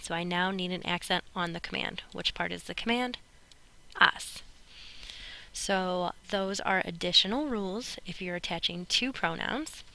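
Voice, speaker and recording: A woman records lecture notes for her Spanish class, walking through grammar rules patiently and tossing in playful asides. Her voice is bright and carries a gravelly fry at the ends of phrases, and she sounds like she is talking into a computer mic while she draws. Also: medium pitch. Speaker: Spanish teacher.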